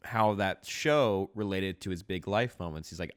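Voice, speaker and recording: A man co-hosting a podcast in casual chat, easygoing, quick to laugh and to agree. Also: sits low. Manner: easygoing, laughs often, short agreeing replies. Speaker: podcast co-host.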